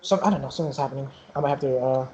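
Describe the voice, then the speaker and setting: A woman's voice: a bass voice, rapid-fire, crowd noise. Casual teasing woman game master. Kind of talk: narrating a tabletop game.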